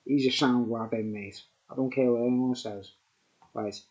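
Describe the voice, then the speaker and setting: A man's voice: medium pitch, fairly even intonation, normal speed, darkish tone, muffled recording. A tipsy man rambling on camera in a casual monologue, repeating himself and tagging lines with "mate" and "right?". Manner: rambling, repetitive, keeps adding "mate" and "right?". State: tipsy from drinking. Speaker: vlogger reviewing beer.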